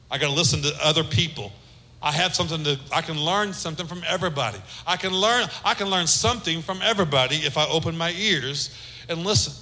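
Bright-toned preacher in an echoing hall. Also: male voice. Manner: animated, swings between loud emphasis and soft low asides. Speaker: pastor. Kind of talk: sermon. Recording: echoey hall with long reverb.

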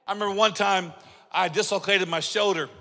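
A high-voiced male pastor with a gravelly, bright edge preaches in a sermon, telling stories and acting out voices before rising into shouts. His voice rings with long reverb in a large church sanctuary. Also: fairly quick. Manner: animated storytelling, acts out dialogue, builds to shouting.

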